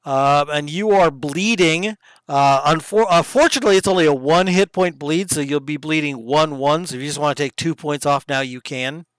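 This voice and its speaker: A man running a tabletop game as game master, narrating combat in lively detail with the odd hushed aside. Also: a little high, moderate pace, clean tone, dry recording, rough recording.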